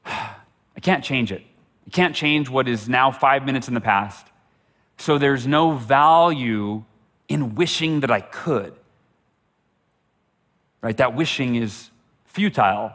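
Here a middle-aged man, speaking as a motivational speaker, tells a story from his own life with earnest repetition of words for emphasis. His voice sits fairly high and has a fairly bright tone.

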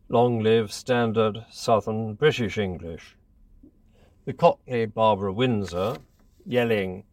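A man, a columnist, reading his own essay aloud in a measured, deliberate manner. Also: lowish voice, dry recording, recorded from a distance.

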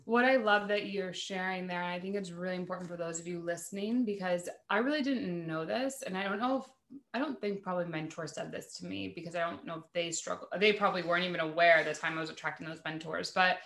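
A woman's voice: fairly low pitch, fast talker, fairly bright tone, roomy sound. A woman hosting a spiritual podcast, chatting casually and rambling with many "like" fillers. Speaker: podcast host.

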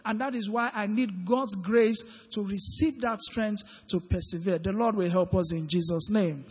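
Man, high-pitched preacher, questioning congregation, call-and-response, microphone, church-hall reverb. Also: moderate pace, husky. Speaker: preacher leading a midweek Bible study. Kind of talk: interactive sermon. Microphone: handheld microphone.

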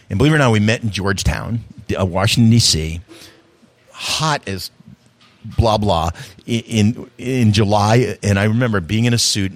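A man's voice: lowish voice, dry recording. A middle-aged man, a restaurant executive, telling his career story in an interview, acting out old conversations and often restarting his sentences. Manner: animated storyteller, acts out quoted conversations; frequent repeated starts. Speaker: restaurant chief executive guest.

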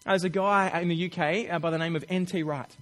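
A man preaching a sermon in a chatty, animated way, acting out little quotes with laughs. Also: high voice, quick pace.

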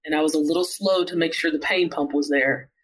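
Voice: medium pitch, a little fast, breathy edge, poor audio. A surgeon and author, a guest on a casual interview, telling hospital stories and acting out the quoted lines. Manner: animated, acts out quoted dialogue in the telling.

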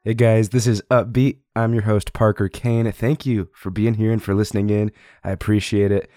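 A man's voice: lowish voice, flat delivery, normal speed, dark tone, no room sound, studio quality, soft background music. A young man with a sick, strained voice, hosting his podcast in an upbeat, encouraging way with frequent fillers. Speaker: podcast host. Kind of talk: casual solo podcast talk.

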